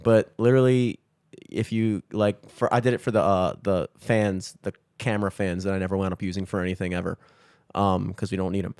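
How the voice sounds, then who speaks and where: Young male podcast co-host, low voice, loose and profane, close dry mic. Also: fairly even intonation, a little fast, a little mellow, clear, resonant tone, no room sound. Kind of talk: casual chat.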